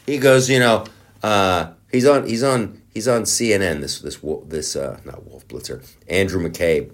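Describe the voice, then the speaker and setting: A man's voice: medium pitch, expressive, measured pace. A man delivering a heated, profane, sarcastic political rant, rambling with many restarts. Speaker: political commentator. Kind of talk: ranting monologue.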